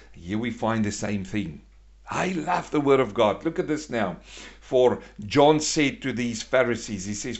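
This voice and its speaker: A man preaching a sermon, asking his listeners questions and answering them himself, moving between hushed and loud passages. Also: medium pitch. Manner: emphatic, asks the congregation questions and answers them.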